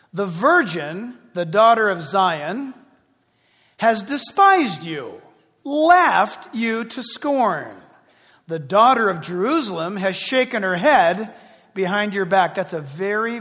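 A man preaching, reading scripture slowly and breaking in with excited, chatty asides. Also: high voice. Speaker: pastor. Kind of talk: sermon reading scripture with commentary. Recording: long hall reverb.

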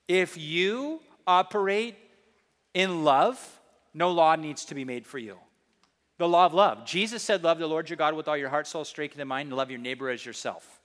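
A man preaching in a church sanctuary, his voice bright and edged, sitting a little high. He drives his points home with emphasis and breaks into playful asides. A long reverb from the large hall trails after his words. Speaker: pastor. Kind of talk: sermon.

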